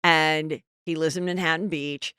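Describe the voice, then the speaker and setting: A middle-aged woman hosts a podcast in casual, chatty conversation, jumping from story to story. Her voice is low-pitched and smooth, with a clean resonance. The recording is dry and close, with no room sound. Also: fairly even intonation, measured pace, a bit bright, no echo. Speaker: podcast host. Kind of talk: casual chat.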